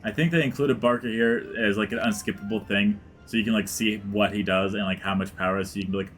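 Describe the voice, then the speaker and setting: With few pauses and fairly even intonation, this man speaks fast in a lowish, fairly bright voice while soft music plays. He's a let's play gamer giving casual, rambling commentary packed with "like," occasionally sinking into mutters.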